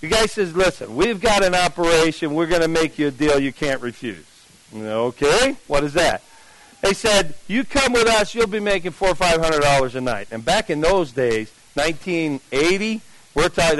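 Older guy, high-ish voice, dry close mic, telling his story like a testimony and doing all the voices. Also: animated, normal speed, a bit bright, no echo, poor audio. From New Jersey.

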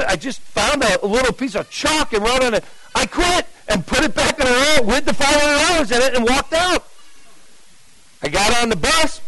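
A man's voice: high voice, a bit bright, dry recording, low-quality recording. An older man, telling his life story as a testimony and acting out the voices of the people in it. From New Jersey.

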